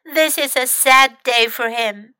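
A woman voicing a sensible, slightly worried animal friend in a storybook, speaking calmly and matter-of-factly. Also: high-pitched, slow pace, clear, resonant tone, dry recording, studio quality, full character voice.

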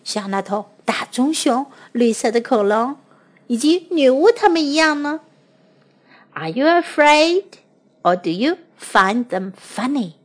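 Mandarin-native woman teacher for children, animated and slow-paced. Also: high voice. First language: Mandarin Chinese. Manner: repeats phrases slowly for learners. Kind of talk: bilingual lesson for children.

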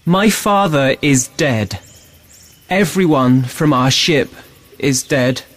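An earnest, lovestruck young prince , done by a man in a raised, emotive voice. He speaks slowly. It is a storybook reading. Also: on the high side, lively intonation, breathy edge, no room sound, soft background music, voice pushed up, exaggerated voice.

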